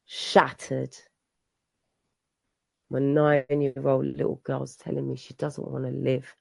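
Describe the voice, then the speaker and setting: A woman's voice: extremely low pitch, monotone, takes it slowly, gravelly, warm tone, breathy edge, no room sound. Emotional woman sharing her recovery story. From England. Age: adult. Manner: emotional, repetitive storytelling with many restarts. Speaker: recovery meeting speaker. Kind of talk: personal recovery share. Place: meeting room.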